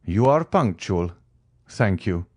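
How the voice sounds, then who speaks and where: Guy reading a courteous moody count, gracious and polite, lowish voice lifted a bit. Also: very animated, slow, darkish tone, no echo, exaggerated voice. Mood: cordial. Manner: polished, gracious. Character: the Count, wealthy mysterious nobleman, courteous and melancholy.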